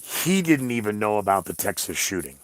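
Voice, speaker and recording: A man's voice: fairly low pitch, sing-song, normal speed, no room sound. A man hosting his own podcast, talking in a rambling, blunt monologue full of sarcastic asides. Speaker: podcast host.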